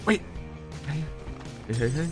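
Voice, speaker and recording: Young guy streaming a shooter game, super lively voice jumping way up when he yells, bit of music behind. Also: measured pace. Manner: excitable, talks to chat, yelps and laughs in high bursts. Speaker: gaming streamer. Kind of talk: live gameplay commentary.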